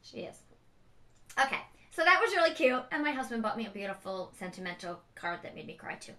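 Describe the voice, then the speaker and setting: A middle-aged woman rambles in a casual vlog, frank and emotional as she talks. Her voice sits a little high and sounds bright and clear. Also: sing-song, fairly quick. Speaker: beauty vlogger, mother. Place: home.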